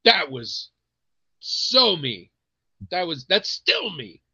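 A man co-hosting a podcast in casual chat, telling stories animatedly with quick restarts and putting on voices now and then. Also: high-pitched, sing-song, bright, forceful tone, husky, no echo. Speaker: podcast co-host. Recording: dry, slightly muffled mic.

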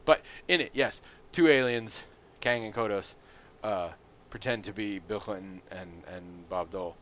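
A man's voice: lowish voice, measured pace, a bit bright, a little hiss or hum. Man chatting playfully, faint room ambience. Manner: playful, acts out scenes in silly voices. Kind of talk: casual chat.

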